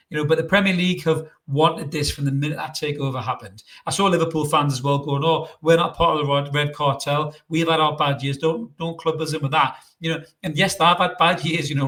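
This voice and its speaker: A man's voice: fairly high pitch, a bit bright. A man ranting to camera as a football fan vlogger, frustrated and blunt, swearing freely and hammering his points with repetition. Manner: repetitive and emphatic. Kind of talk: solo opinion rant to camera.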